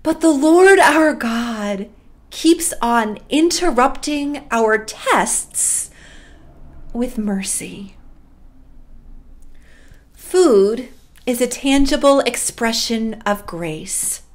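A middle-aged woman pastor preaching a sermon and telling a personal story in a slow, storytelling way. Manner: slow, warm storytelling with lively pitch.

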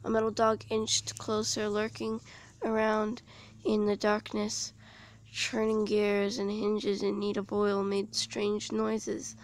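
Slow, careful woman reading a storybook. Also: medium pitch, monotone. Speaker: author reading her own book. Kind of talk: storybook read-aloud.

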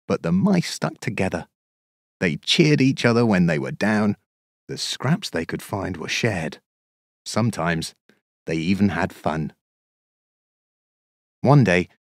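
A male narrator reading a children's storybook slowly and with a lively, swinging pitch. His voice sits a little low, and his delivery is measured and sing-song. The recording is dry and close to the mic. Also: no echo.

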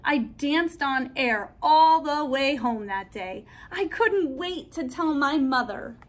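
A woman reading a children's storybook aloud with an expressive, careful delivery. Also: high voice, slow pace.

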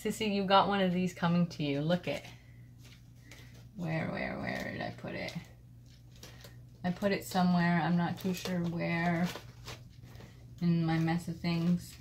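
A woman at her home craft desk chatting casually and excitedly as she shows off mail she received, picked up by a camera on the desk. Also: on the low side, unhurried, long pauses, slight background noise. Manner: gushing, excitable, rambling. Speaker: crafting vlogger.

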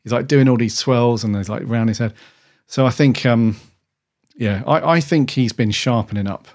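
A man's voice: medium pitch, moderate pace, a little mellow. A man co-hosting a podcast, chatting casually in a rambling way with many restarts. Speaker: podcast co-host. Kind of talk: casual chat.

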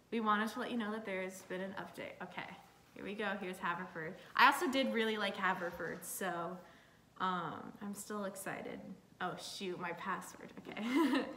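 Bright-voiced young woman vlogging. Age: young adult. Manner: nervous, filler-heavy chatter. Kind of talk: casual vlog reading college decisions. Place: home room. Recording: echoey room with faint rumble.

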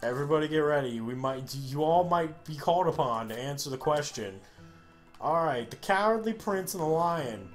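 A man's voice: a little high, lively intonation, moderate pace, faint music behind. Profane joking male game streamer. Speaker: gaming streamer. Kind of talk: casual let's-play commentary.

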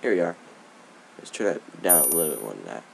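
A man's voice: a bass voice, very animated, fast talker, vocal fry, loud music behind the voice. A young man giving casual, rambling gameplay commentary, giggling often and tossing in sarcastic asides. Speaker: let's play gamer.

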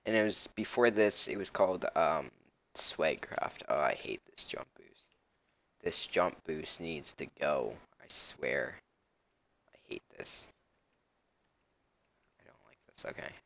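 A man's voice: a bass voice, lively intonation, a little slow, vocal fry, fairly bright tone. A young man casually commenting on his own gameplay as a channel host, rambling with lots of ums and uhs.

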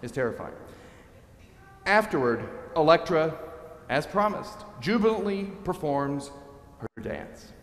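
A male priest preaching a sermon, telling a story in a lively way and acting out the quotes. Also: on the high side, measured pace. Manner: animated storyteller, dramatizing quotes. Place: church. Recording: echoey church, long reverb.

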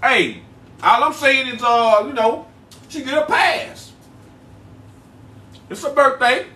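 A man talks loosely with viewers on a livestream. His voice sits high, and he circles back to the same phrases again and again. The sound is roomy and slightly distant from the mic. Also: expressive, pushed and bright. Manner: loose, repetitive, chatty, drawn-out phrases. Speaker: livestream host selling herbal products. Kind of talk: casual livestream chat with viewers. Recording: echoey room, voice a bit far from mic.

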